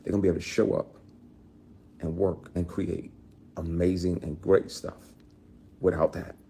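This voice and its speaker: A man from Michigan speaking emphatically and passionately, swinging between fired-up outbursts and quiet, grave statements. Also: sits low, level tone, normal speed, slight background noise. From Michigan, USA. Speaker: actor. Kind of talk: impassioned spoken statement.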